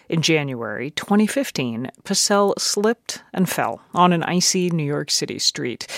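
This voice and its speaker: A woman host reading a scripted public radio introduction in a calm, measured way. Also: lowish voice, no echo, clean studio sound.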